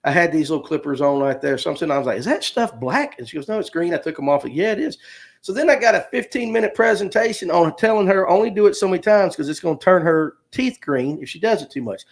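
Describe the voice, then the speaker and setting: A man's voice: fairly high pitch, fast talker, creaky, few pauses. A man, hosting a livestream and telling a rambling, jokey story straight to his viewers. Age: 50s. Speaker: podcast host.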